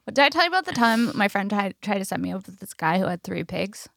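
A woman co-hosting a comedy podcast, telling stories in a casual, animated way and swearing freely. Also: mid-range voice, fast talker, creaky, dry recording. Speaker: podcast co-host.

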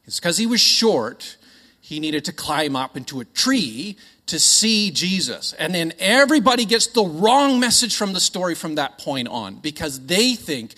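A middle-aged Canadian man preaching a sermon in a chatty, joking, animated storytelling way. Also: on the high side, normal speed. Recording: echoey hall.

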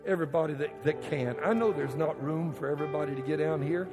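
A man preaching a sermon as pastor, telling a story with dramatic swings from hushed tones to shouting. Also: on the high side, fast, over music. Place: church sanctuary. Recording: church hall reverb.

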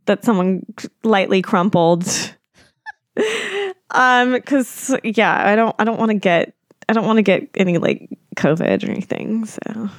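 A woman's voice: medium pitch, measured pace, dry recording, clean studio sound. A young woman co-hosting a podcast in casual chat, playful and giggly, often breaking into silly voices. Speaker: podcast co-host.

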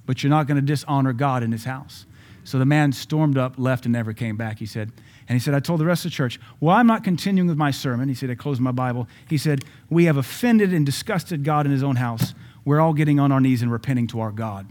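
A pastor with a medium-pitched voice preaches a sermon, dropping into quiet asides before building to loud peaks. He reads scripture slowly and with emphasis.

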